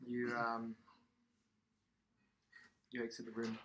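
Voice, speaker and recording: A game master running a tabletop session, narrating casually with pauses and fillers. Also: medium pitch, completely flat delivery, fairly bright tone, slight background noise. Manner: halting, filler-heavy narration.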